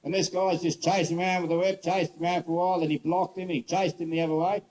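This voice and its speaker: A man horse trainer giving a casual outdoor demonstration, telling stories bluntly and coaxing a horse softly. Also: sits high, flat delivery, fast, poor audio. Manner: casual, rambling, blunt storyteller; soft coaxing talk to the horse. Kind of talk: demonstration lesson with storytelling.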